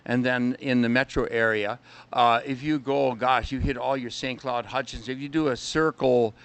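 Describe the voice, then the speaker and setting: A man's voice: medium pitch, fairly even intonation, normal speed, fairly bright tone, smooth. An older man, a winery owner, chatting as a radio guest and telling stories, with a jokey sung bit. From Minnesota. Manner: chatty storyteller, sings a jokey song. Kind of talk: casual radio interview chat.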